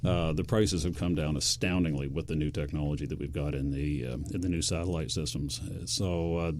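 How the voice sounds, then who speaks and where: A man being interviewed on a live radio show who stops often to search for words. His voice is low, with faint background noise. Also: fairly even intonation, fairly quick, darkish tone. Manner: hesitant, many fillers. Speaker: company representative guest.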